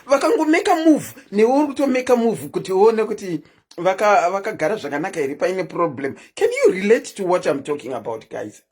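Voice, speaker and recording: A woman's voice: mid-range voice, sing-song, fairly quick, darkish tone, breathy edge. A woman hosting a live stream, chatting casually and keeps asking her viewers questions.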